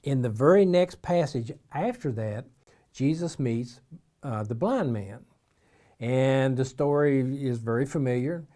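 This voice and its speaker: A man's voice: medium pitch, unhurried. A man from eastern Kentucky with an Eastern Kentucky accent, giving an informal devotional talk in a folksy storytelling way. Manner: folksy storytelling, acts out shouted voices in quotes. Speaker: missionary preacher.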